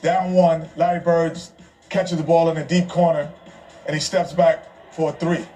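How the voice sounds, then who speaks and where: A man's voice: on the high side, little pitch movement, normal speed, mellow, soft background music. A former basketball player telling an amused story about his rookie year in a casual interview.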